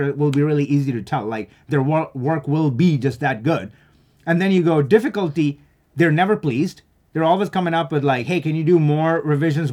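A young man giving casual career advice in an animated, enthusiastic way, full of "like" and "right?". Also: on the high side.

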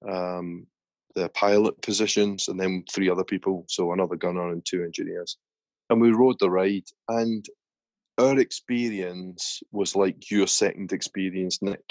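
Very low-voiced chatty man. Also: no room sound. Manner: chatty storyteller. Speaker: podcast host. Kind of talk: casual chat.

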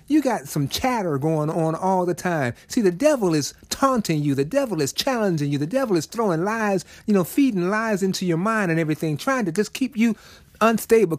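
A man's voice: high voice, no room sound. A middle-aged man preaching a storytelling sermon in a folksy, conversational way with emphatic turns.

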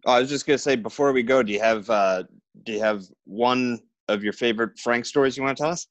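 A man's voice: medium pitch, fast, dry recording. A male co-host politely asking the guest a question. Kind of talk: casual interview chat.

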